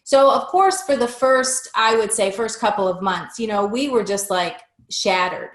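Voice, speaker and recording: A woman's voice: mid-range voice, moderate pace. A woman in her fifties, an interview guest telling a personal story in conversation and acting out the dialogue. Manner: animated, acts out quoted dialogue. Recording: roomy echo.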